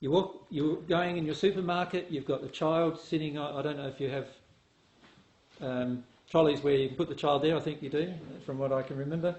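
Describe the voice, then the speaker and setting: A man's voice: fairly high pitch, fairly even intonation, brisk, a little mellow. A man speaking as a spiritual teacher to an audience, asking them questions and acting out voices to make his points. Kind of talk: talk to an audience. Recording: echoey room with faint noise.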